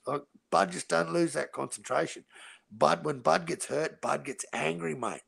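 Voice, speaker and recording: Crude, blunt Aussie bloke, gravelly. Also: male voice, a little high, moderate pace, a bit bright. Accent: Australian. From Australia. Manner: blunt, crude and profane, says "mate" a lot. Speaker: podcast host. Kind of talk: casual chat.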